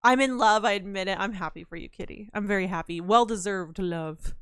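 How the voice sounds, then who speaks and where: A woman's voice: medium pitch, brisk, clear, resonant tone, dry recording, clean studio sound. A young woman streamer chatting casually with her chat, telling stories and laughing, with a slightly scratchy throat. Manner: chatty, laughing, reads chat aloud, animated storytelling.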